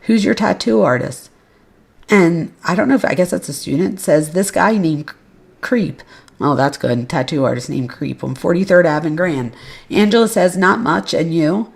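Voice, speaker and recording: Woman podcast host, fry in the voice, reads records with offhand, blunt commentary. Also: fairly low pitch, normal speed. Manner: casual and blunt, with offhand asides and swearing. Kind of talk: reading case records aloud with commentary.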